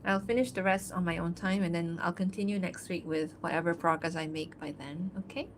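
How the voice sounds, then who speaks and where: A woman with a lowish voice and steady tone talks fairly quickly while streaming her artwork, chatting casually and rambling with small laughs. She also reads fan-fiction narration aloud, and a slight hiss or hum runs underneath.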